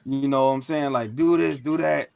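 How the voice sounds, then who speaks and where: A man on a podcast telling stories in a casual, animated way, full of slang and profanity. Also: medium pitch, moderate pace, vocal fry, smooth, no room sound. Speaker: podcast co-host.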